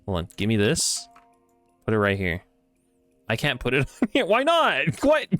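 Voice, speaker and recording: A man streaming a video game, chatting casually, reacting excitably with swearing, laughter and mock-grand musings. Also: medium pitch, normal speed, soft background music. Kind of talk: casual gameplay commentary.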